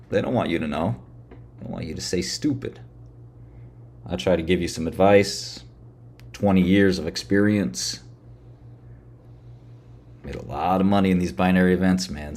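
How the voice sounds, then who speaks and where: A man's voice: deep voice, moderate pace, pauses often, a little mellow. A man ranting sarcastically on a livestream, swearing and mocking his audience. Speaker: streamer.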